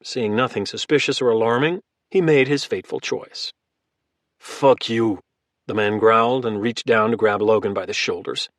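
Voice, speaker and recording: A man narrating a thriller audiobook in a steady, clipped manner. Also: lowish voice, brisk, no room sound.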